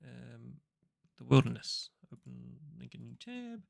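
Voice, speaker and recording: A man's voice: medium pitch, very animated, unhurried, creaky, darkish tone, no room sound, studio quality. A man narrating a solo tabletop game session, rambling with many fillers and self-corrections.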